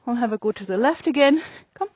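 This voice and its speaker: A woman horse trainer explaining her work with a mare in an open outdoor arena, calm and coaxing, with many fillers. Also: a little high, quick pace, dull audio, noisy background.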